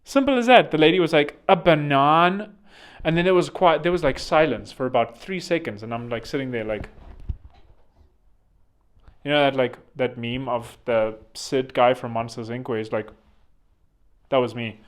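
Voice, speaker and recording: A man's voice: medium pitch, a little fast, few pauses. A man from South Africa with a South African accent, talking in a rambling, digressive monologue full of sarcastic, mocking asides. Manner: digressive, self-correcting. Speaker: online commentator.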